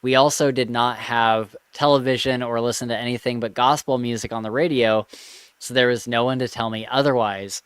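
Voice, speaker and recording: Male podcast host, smooth and resonant, dry close sound, amused storyteller reading aloud. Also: medium pitch, no room sound. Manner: amused, laughs between lines. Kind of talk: casual chat, reading a listener story aloud.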